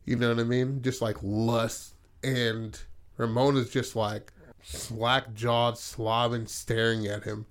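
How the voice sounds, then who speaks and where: A man casually pitching a story idea in loose, profane talk, acting out the characters' lines. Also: flat delivery, slow. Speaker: podcast host.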